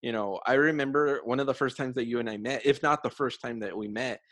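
A young man hosts a relaxed chat, talking in a loose, friendly ramble full of fillers and quick laughs. His voice sits at an ordinary middle pitch. It is recorded close and dry, with no room sound. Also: no echo. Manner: chatty, laughs often, many fillers. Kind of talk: casual conversation.

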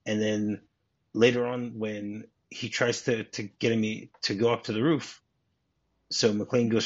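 A man's voice: lowish voice, little pitch movement. A man hosting a casual film podcast, chatting and reading script passages aloud. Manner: reads script passages aloud, quick asides. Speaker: podcast host. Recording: dull lo-fi audio.

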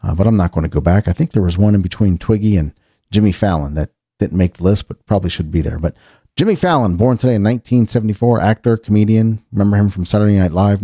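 A man's voice: lowish voice, dark tone, dry recording, clean studio sound. A man hosting a casual solo show, chatting in a rambling way with frequent restarts and asides. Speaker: podcast host.

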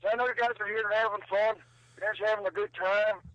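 A man's voice: high-pitched, steady tone, fast talker, no echo, highs cut off, lightly acted. A man doing an impression of a tough-guy wrestling star, calling in by phone with a brash, teasing drawl. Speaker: caller. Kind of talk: prank phone call impression.

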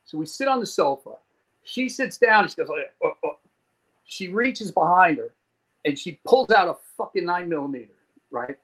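Animated, profane storyteller from New Jersey. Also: male voice, high-pitched, moderate pace, poor audio. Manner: animated, swearing, acts out scenes. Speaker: podcast guest.

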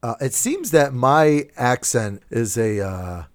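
Animated man. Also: mid-range voice, slow pace. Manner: loud and animated, jokey rants. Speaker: podcast co-host. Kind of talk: casual comedic chat.

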